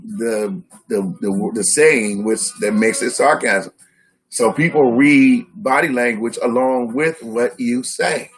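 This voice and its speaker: Husky man asking rhetorical questions. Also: medium pitch, slow pace, soft background music. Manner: teaching, asks rhetorical questions. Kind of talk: live-stream discussion.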